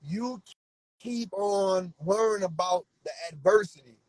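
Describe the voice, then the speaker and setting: A man's voice: sits high, takes it slowly, a little mellow, dry recording, low-quality recording. A man, giving fervent, repetitive motivational preaching to his viewers. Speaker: vlogger.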